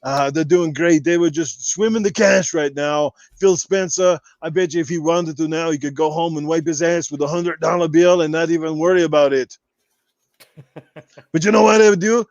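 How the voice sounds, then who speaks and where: A podcast guest's bodybuilder impression comes in a voice on the high side yet darkish in tone, at a moderate pace and close to an everyday voice. The character is a brash, boastful, muscle-bound Austrian adult man, rambling and trash-talking for comedic effect in the chat. There's no room sound, and the audio is dull.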